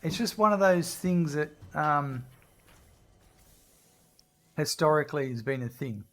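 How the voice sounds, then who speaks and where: A man's voice: on the high side, expressive, unhurried, fairly bright tone. Male streamer, casual rambling chat over gameplay, reads chat aloud. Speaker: game tutorial streamer. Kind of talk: casual chat while playing.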